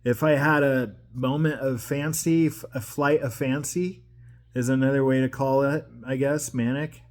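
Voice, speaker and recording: This is a man in his forties from the Pacific Northwest, sharing a personal monologue with the camera. His voice sits at an ordinary pitch. He rambles, repeats himself and starts over, moving between slow, quiet stretches and quick bursts. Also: steady tone. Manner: emotional, rambling, with restarts and repeated phrases. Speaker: vlogger.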